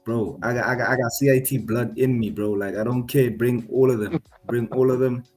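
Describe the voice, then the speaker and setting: A man with a husky, slightly worn voice talks through casual fight-night banter on a podcast. He stammers and restarts his sentences, digging in and repeating his points when challenged. Faint music plays underneath. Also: medium pitch, steady tone, a little fast, a little mellow. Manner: stammering, defensive, repeats himself. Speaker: MMA podcast co-host.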